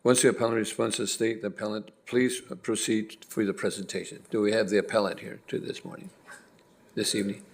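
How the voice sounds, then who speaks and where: A man's voice: lowish voice, level tone, quick pace, vocal fry. A man chairing a city council meeting from a dais microphone, reading procedure with a slightly stumbling delivery. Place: council chamber.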